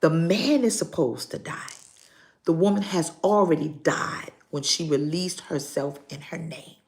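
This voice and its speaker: An older woman pastor preaching a live sermon, pausing dramatically and acting out her stories. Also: low-pitched, vocal fry. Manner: slow, preaching with dramatic pauses and acted-out stories.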